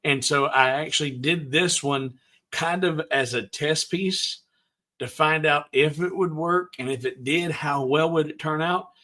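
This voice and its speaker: Slow, halting man with a bright voice. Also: a little high. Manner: halting, frequent stutters and restarts; slow, deliberate delivery. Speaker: livestream host. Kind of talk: casual live stream chat.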